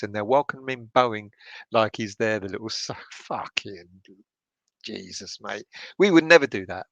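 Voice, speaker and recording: A middle-aged fan channel host reads viewers' live chat comments during a late-night session at home, speaking quietly and cursing without restraint. His voice is lowish and a bit bright, with no room sound.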